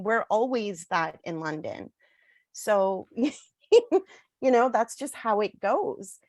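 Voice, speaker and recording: A woman's voice: mid-range voice, animated, slow pace, no echo. Angry Canadian woman frontline worker. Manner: angry, blunt, lots of "like" and "you know". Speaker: frontline social services worker. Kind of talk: impassioned townhall speech.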